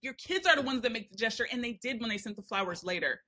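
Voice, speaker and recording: A young woman co-hosting a casual recap chat, sarcastic and animated, acting out quotes as she talks. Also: a little high, fast talker. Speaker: podcast co-host.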